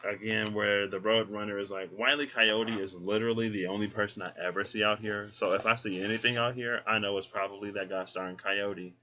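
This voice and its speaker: A man's voice: fairly low pitch, fairly even intonation, a little fast, hardly any pauses, bright, forceful tone. A man giving a casual tarot reading, sassy and chatty, talking straight to the listener, in a dull lo-fi recording. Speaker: tarot reader. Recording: dull lo-fi sound.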